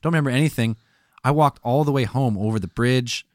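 A man's voice: medium pitch, darkish tone, dry recording, studio quality. A man in his thirties in casual chat, recounting events bluntly and with plenty of swearing. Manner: fast, blunt, profane recounting.

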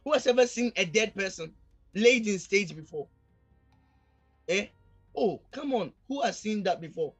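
A male pastor preaching a fervent sermon, repeatedly calling out to the congregation and swinging between shouting and near-quiet. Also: high voice, animated, moderate pace, pauses often, soft background music.

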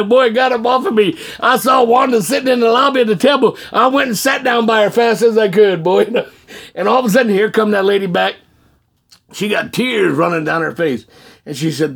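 A man recounts his testimony in a relaxed, chatty way. His voice is gravelly and husky and sits somewhat high. He laughs often and acts out the voices in his story. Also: moderate pace. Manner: animated, laughing storyteller who acts out dialogue. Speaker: guest telling his testimony. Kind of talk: casual spoken storytelling.

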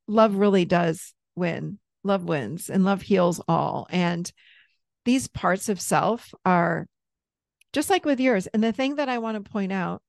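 A middle-aged woman, a therapist and coach, telling a personal story as a podcast guest in a candid, animated way, laughing easily and swearing freely. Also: mid-range voice, vocal fry, dry recording, clean studio sound. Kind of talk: casual storytelling in an interview.

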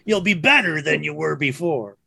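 A man as a player in a tabletop game, speaking in a calm, soothing way. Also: on the high side, moderate pace, creaky, over a noisy crowd. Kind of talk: tabletop role-play.

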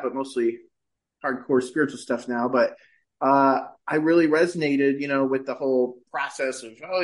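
A middle-aged man, a podcast guest, telling a personal story in casual conversation and lifting his voice when he quotes himself. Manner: animated, shifts pitch when quoting himself.

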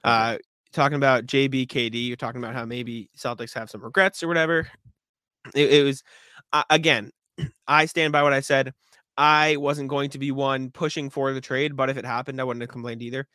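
A man co-hosting a podcast in casual sports chat, rambling with restarts and clearing his throat, hiccuping. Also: mid-range voice, flat delivery, fairly quick, pushed and bright, no room sound, clean studio sound. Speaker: podcast co-host.

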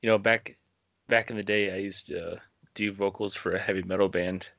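A man hosting a podcast in a relaxed, loose way, padding his talk with fillers and "you know". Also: sits low, normal speed, gravelly, dry recording, dull audio. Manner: laid-back, filler-heavy with lots of "you know". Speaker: podcast host. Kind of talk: casual interview chat.

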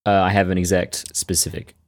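A man co-hosting a comedy podcast, trading dry, deadpan quips in casual chat. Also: low voice, a little fast. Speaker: podcast co-host.

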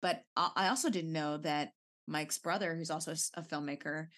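Animated woman telling a story. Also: sits low, fairly quick. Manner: animated storytelling, acts out quotes, swears freely. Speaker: podcast co-host. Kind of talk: casual chat.

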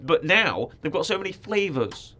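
A young British man in casual chat, telling stories with lively acted-out quotes. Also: fairly high pitch, normal speed. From Britain.

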